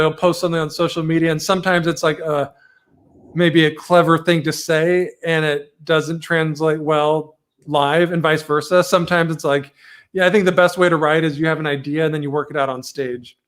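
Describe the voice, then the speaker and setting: A man's voice: on the high side, fairly even intonation, moderate pace. Light-voiced man co-hosting a video chat. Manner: friendly, laughing easily. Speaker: co-host. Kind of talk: casual video-call interview. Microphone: video call.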